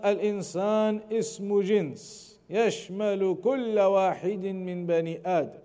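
High-voiced man teaching Quran commentary. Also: dark tone. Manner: reads Arabic text quickly, then explains slowly with repetition. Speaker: Islamic teacher. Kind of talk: Quran commentary lesson, reading Arabic then explaining in English.

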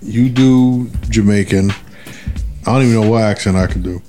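A man co-hosting a podcast, trading jokes in casual, animated banter. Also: on the low side, moderate pace, soft background music. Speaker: podcast co-host. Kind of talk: casual chat.

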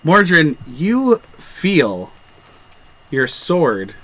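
Bright-voiced male game master. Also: on the high side, huge pitch swings, low-quality recording. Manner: playful, laughing, halting narration. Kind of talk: narrating a tabletop game.

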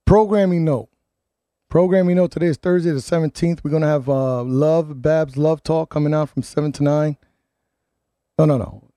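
A man's voice: on the high side, fairly even intonation, normal speed, mellow, dry recording. A man hosting a live talk radio show, ranting and restarting his words often as he reads listener comments and programming notes in the studio.

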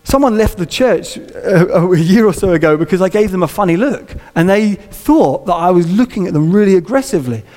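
A man's voice: high voice, expressive, a little fast, few pauses, a little mellow. A man preaching a sermon in a church, conversational and humorous, acting out little scenes. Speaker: pastor. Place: church auditorium. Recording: long reverb of a large hall.

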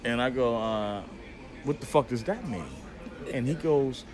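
Animated man telling a story. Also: mid-range voice, unhurried, long pauses, a crowd in the background. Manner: animated, profane, acts out dialogue. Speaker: podcast guest. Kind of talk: casual storytelling.

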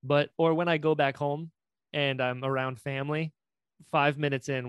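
A woman from North Carolina hosting a casual podcast chat, expressive and playful, quick to laugh. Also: a bass voice, clean tone, dry recording, clean studio sound.

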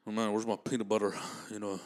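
A drawling male crooner from the 1950s, impersonated by a man. The voice drops low and stays soft and lazy. Every line gets stretched out into a slow, rumbling drawl. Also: little pitch movement, natural voice.

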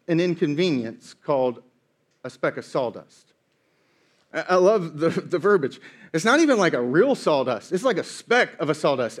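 A man preaching a sermon, telling a story with playful, animated asides. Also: high-pitched. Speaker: pastor.

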